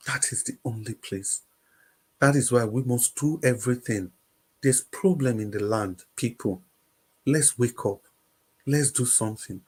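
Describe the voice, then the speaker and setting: A man's voice: medium pitch, breathy edge. A Nigerian man hosting a livestream, giving impassioned political commentary and repeating phrases for emphasis. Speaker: livestream host. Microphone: livestream microphone.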